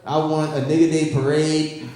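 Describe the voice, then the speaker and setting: A man's voice: a little high, moderate pace. Echoey stand-up man cracking himself up. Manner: excitable, laughs at his own jokes. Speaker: stand-up comedian. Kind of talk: stand-up set. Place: comedy club stage. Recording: echoey club, distant reverb.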